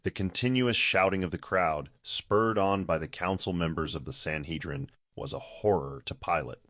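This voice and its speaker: Deep-voiced man narrating solemnly. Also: moderate pace, a bit bright, dry recording, studio quality. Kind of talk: scripted narration.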